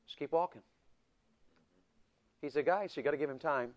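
A middle-aged man preaching a sermon to men, swinging between loud and soft and acting out voices. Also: a little high, animated, quick pace, pauses often.

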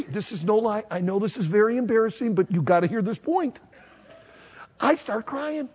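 A male preacher tells a self-mocking story to a live audience in a high, raspy voice with a gravelly edge. His pitch swings wildly from low mutters up to loud, laughing shouts. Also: animated, moderate pace. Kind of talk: storytelling sermon.

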